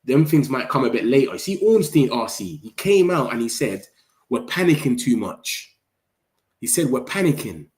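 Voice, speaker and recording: A man, talking excitably in slang as a football fan streamer and reacting to his chat. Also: medium pitch, a little fast, few pauses. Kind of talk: casual livestream commentary. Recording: roomy echo.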